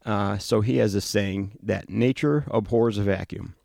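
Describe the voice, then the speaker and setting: A man hosts a casual podcast chat, rambling through a story with fillers and restarts. His voice is low and gravelly, picked up dry and close with no room sound. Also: a little slow, a little mellow, no echo. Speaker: podcast host, firefighter and lieutenant.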